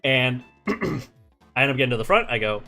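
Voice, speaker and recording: Animated young man rambling through a story. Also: mid-range voice, fairly quick, faint music behind. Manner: rambling, animated, many fillers. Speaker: streamer. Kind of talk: casual storytelling.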